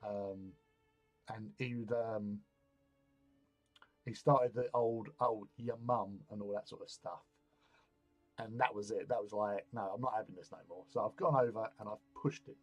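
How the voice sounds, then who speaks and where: A man's voice: fairly low pitch, husky. A man telling a loose, rambling anecdote in casual chat while hosting a hobby stream.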